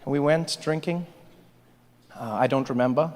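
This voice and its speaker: Animated comedian in a big hall. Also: male voice, medium pitch, moderate pace, background noise. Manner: animated storytelling, acts out characters. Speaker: stand-up comedian. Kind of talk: stand-up comedy.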